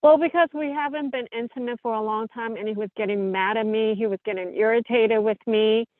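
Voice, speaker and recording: A woman's voice: fairly high pitch, steady tone, fairly quick, no echo. Hesitant woman caller on a tinny phone line. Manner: hesitant, many fillers and restarts. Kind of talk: call-in conversation.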